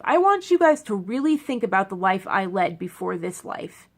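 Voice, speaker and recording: A young woman talks straight to her camera in a loose, rambling vlog, repeating lines for emphasis. Her voice carries a gravelly vocal fry, and she sounds worn out and in pain after a procedure. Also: medium pitch, sing-song, normal speed. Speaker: vlogger. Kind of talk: casual talk to camera.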